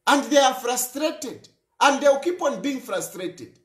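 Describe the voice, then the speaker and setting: A man's voice: extremely high pitch, animated, unhurried, echoey room. A Zambian man hosting a talk show, speaking in an impassioned political monologue and repeating phrases for emphasis.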